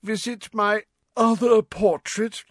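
Guy doing a reedy old portrait wizard, bored and drawly, slow lazy lines, storybook. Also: high voice, fairly even intonation, fairly bright tone, dry recording, clean studio sound, pitched above the performer's own voice, exaggerated voice.

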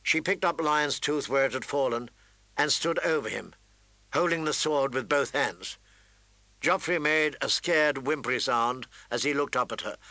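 A man reading a fantasy novel aloud in steady, dramatic storytelling narration. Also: medium pitch, normal speed, no room sound. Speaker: audiobook narrator. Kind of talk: scripted narration.

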